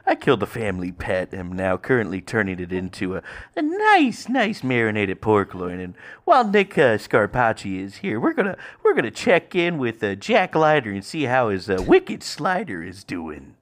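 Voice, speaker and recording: A man on a comedy podcast imitating a young male online streamer, in a low, deadpan, mock-cheery voice. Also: moderate pace.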